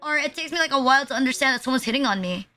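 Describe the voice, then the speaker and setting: A young woman from the Philippines chats on her livestream in a high, bright voice. She rambles and swears freely, and her talk is full of "like." Faint music plays behind her. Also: animated, very fast. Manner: rambling, swears a lot, lots of "like". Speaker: VTuber streamer. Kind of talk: casual livestream chat.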